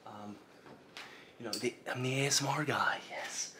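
A man doing comedic whispered role-play as an intruder, nervous and stammering, whispering frantically and often breaking into loud hissed commands. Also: medium pitch, moderate pace. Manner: flustered, stammering, repeats himself. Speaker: ASMR creator.

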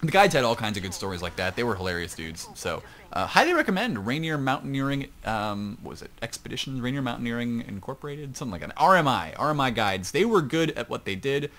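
A man's voice: medium pitch, very animated, fast talker, hardly any pauses, a bit bright. A man giving casual play-by-play commentary on an online match from his home computer, chatty and rambling, with self-mocking asides. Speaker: esports shoutcaster.

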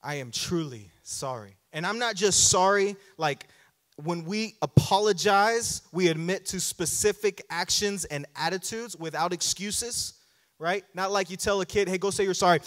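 A man's voice: sits high, moderate pace, a bit bright. A male pastor preaching a sermon in a conversational way, acting out quoted apologies and calling for amens. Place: church sanctuary. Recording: church hall reverb with faint music.

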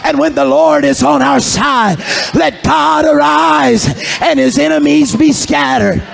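High-voiced, gravelly preacher man shouting. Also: a little slow, soft background music. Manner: shouting fervently, breaking into sung phrases. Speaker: pastor. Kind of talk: Pentecostal sermon.

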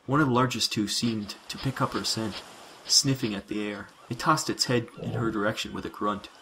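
A man narrating science fiction in a measured, dramatic reading. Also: lowish voice, steady tone, sharp tone, slight background noise, low-quality recording.

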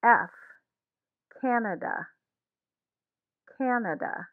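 A woman teaching a language lesson in a slow, deliberate scripted way, saying each word twice. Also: on the high side. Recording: tinny phone-like sound.

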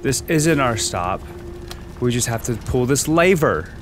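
A man doing let's play commentary, loud and cursing as he yells at the game. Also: medium pitch, expressive, measured pace, a little hiss or hum. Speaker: gaming video host. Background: game music and sounds.

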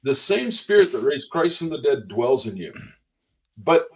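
Animated preaching man, slightly off-mic. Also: mid-range voice, a little slow, recorded from a distance, poor audio. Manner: animated storyteller who acts out the voices in his anecdotes. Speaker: guest minister. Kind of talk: conversational testimony storytelling.

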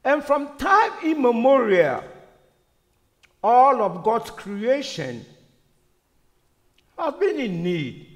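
Preacher, male: high, very animated voice, delivering a slow, repetitive sermon with rhetorical questions, church reverb. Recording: long reverb of a church hall.

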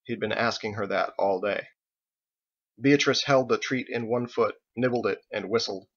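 Man narrating his novel, gravelly. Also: fairly low pitch. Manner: measured storytelling. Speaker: author reading his novel. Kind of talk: audiobook narration. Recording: dull lo-fi recording.

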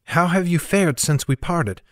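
A man's voice: on the high side, a little slow, a bit bright, no room sound, studio quality, pitched above the performer's own voice. A man voicing an earnest young heroine. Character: wary, determined young woman heroine.

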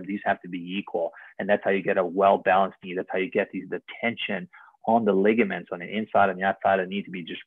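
A man's voice: fairly low pitch, dry recording. Casting note: a man as a surgeon walking through slides, earnest and precise, heard over a dry, tinny call line. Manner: earnest, technical, repeats numbers and words. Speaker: orthopedic surgeon. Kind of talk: explaining surgery over slides in a live stream.

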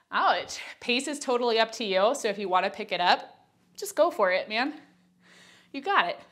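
A woman's voice: mid-range voice, a bit bright. A young woman teaching a Pilates workout, out of breath, chatty and candid as she counts reps and talks through the moves. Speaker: Pilates instructor. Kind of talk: workout instruction.

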